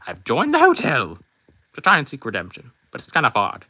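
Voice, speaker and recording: A man's voice: mid-range voice, huge pitch swings, a little fast, bright, forceful tone, no room sound, pitched above the performer's own voice, exaggerated voice, low-quality recording. A man voicing a pompous male snake villain puppet during a livestream, grandiose and boastful.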